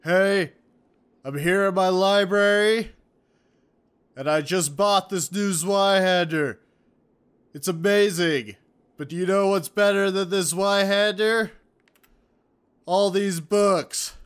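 A man putting on a smug self-help guru who brags about his library, in a slow boastful sales pitch while playing a game. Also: smooth.

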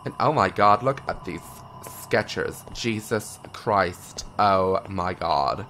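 A young English man giving jokey, swearing commentary while playing a horror game, with loud startled yelps. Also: low-pitched, slow pace. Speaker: gaming YouTuber. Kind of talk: let's play commentary.

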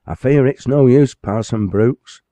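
A man's voice: mid-range voice, lively intonation, moderate pace, warm tone, dry recording, voice pushed up. A man voicing an earnest male schoolmaster and librarian in a storybook reading, speaking urgently. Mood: sorrowful.

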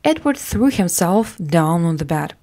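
Woman reading a story slowly and clearly. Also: lowish voice, big pitch swings, mellow. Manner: clear, careful and measured. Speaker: English teacher reading a story. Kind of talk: slow storybook narration for learners.

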